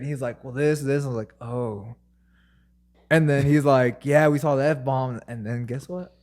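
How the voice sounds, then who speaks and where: A man's voice: medium pitch, steady tone, normal speed, a little mellow. Young male podcast co-host, casual rambling storyteller, mid-range voice. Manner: rambling storyteller, acts out quotes. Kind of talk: casual chat.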